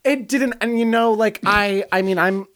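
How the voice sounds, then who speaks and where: A man's voice: sits high, normal speed, fairly bright tone. A man playing a scatterbrained, self-absorbed female movie star in an improvised comedy bit. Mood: airy, self-important. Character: ditzy vain female movie star, middle-aged. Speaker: guest in character.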